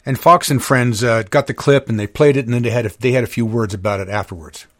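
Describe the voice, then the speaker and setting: A man's voice: medium pitch, quick pace, no room sound. A man hosts a political talk podcast in an easy, rambling way, with plenty of fillers. His mid-range voice sits close to the mic in a very dry room. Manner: loose and conversational, with frequent fillers. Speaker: podcast host.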